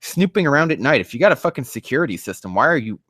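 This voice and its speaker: A man voicing an indignant homeowner from a security infomercial, yelling at an intruder. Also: mid-range voice, sing-song, racing, husky, no echo, clean studio sound.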